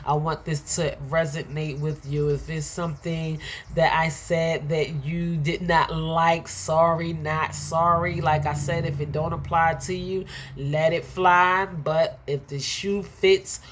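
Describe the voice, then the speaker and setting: Slow, low-voiced Philly woman giving affirmations. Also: steady tone, a little hiss or hum. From Philadelphia. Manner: emphatic, repetitive, preacher-like. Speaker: motivational speaker. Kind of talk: motivational affirmation talk.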